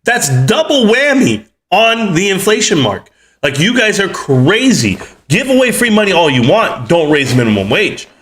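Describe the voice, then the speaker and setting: A man's voice: high voice, big pitch swings, normal speed, fairly bright tone. A man in his forties ranting heatedly on his livestream about the economy and stocks, cussing as he goes. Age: 40s. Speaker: livestream host.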